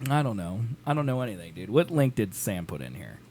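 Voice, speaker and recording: A man's voice: lowish voice, big pitch swings, fast talker, warm tone, a little hiss or hum. A man co-hosting a podcast in casual chat, teasing his friend and laughing often. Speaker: podcast co-host.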